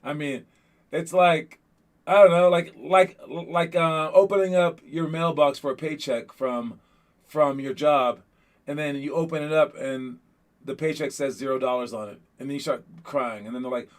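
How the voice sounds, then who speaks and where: A man with a fairly high voice coaches a group of young basketball players. He talks casually and with energy, rambling and repeating himself as he thinks aloud, and keeps checking in with "all right?". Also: normal speed.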